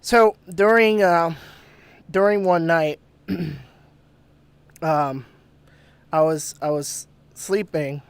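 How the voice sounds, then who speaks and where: A man's voice: on the high side, extremely slow, long pauses, clean tone, no room sound. A man hosting a podcast, telling a story casually with lots of swearing and laughter. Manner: profane, laughing, animated retelling. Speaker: podcast host.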